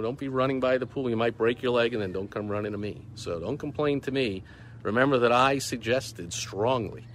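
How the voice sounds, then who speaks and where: A man's voice: lowish voice, slight background noise. A man hosting a casual business video, talking outdoors in a light breeze, emphatic and sarcastic, repeating words for stress. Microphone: phone or camera recording himself.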